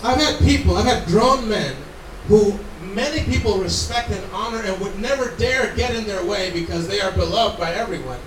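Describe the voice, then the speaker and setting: High-voiced male preacher in an echoey church. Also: normal speed, slight background noise. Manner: earnest, conversational preaching with asides. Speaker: pastor. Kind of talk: sermon. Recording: echoey room, mic from far off.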